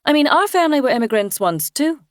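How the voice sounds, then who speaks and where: Woman putting on snooty rich mother-in-law, higher and brisk, looks down on everyone, dry. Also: very animated, no room sound. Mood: haughty. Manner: brisk, condescending. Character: haughty wealthy older mother-in-law.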